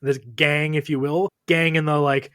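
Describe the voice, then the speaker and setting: A man narrating as dungeon master in a relaxed, conversational way. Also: a little high, moderate pace, clear, resonant tone, no echo, studio quality. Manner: relaxed, conversational, filler-heavy. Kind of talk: narrating a tabletop game.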